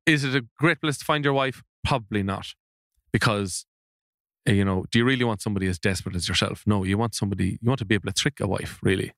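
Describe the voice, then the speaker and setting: A man playing a comedy panel guest, telling absurd stories deadpan. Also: on the low side, fast, creaky, no room sound, clean studio sound. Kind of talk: deadpan comic banter.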